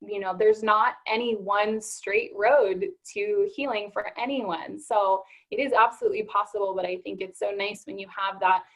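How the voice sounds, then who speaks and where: A woman's voice: medium pitch, fairly even intonation, moderate pace, hardly any pauses, rough recording. A woman naturopathic doctor hosting an interview, talking in an encouraging way and often stressing "absolutely". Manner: warm encouraging, emphatic with "absolutely". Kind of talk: conversational interview.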